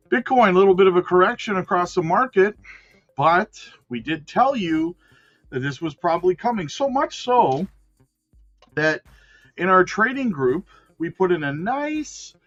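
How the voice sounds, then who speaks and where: A man's voice: high-pitched, fairly bright tone, lo-fi sound. A man hosting a live crypto stream in a hyped, slangy way, greeting viewers by name. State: out of breath. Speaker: crypto livestream host. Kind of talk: casual live-stream chat.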